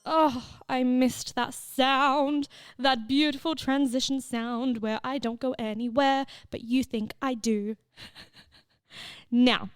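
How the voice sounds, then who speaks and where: A young woman hosts a solo podcast with a somewhat high voice, chatting candidly and swearing freely. She is recorded close on a mic in a dry, dead room with no echo. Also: fairly even intonation, takes it slowly, smooth. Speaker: podcast host and fitness coach. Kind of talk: casual solo podcast chat.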